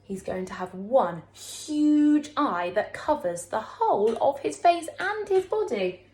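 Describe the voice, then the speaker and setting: Slow, sing-song woman teacher. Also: very animated, dark tone. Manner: slow, sing-song, encouraging teacher talk with big pitch swings. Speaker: primary school teacher. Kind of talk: recorded classroom lesson for young children. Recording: echoey room.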